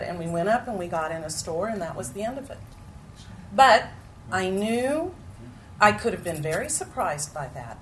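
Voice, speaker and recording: A woman leading a group, telling a story with animated bursts and acted-out shouts. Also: medium pitch. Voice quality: animated, acts out moments with sudden loud cries. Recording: noisy room ambience.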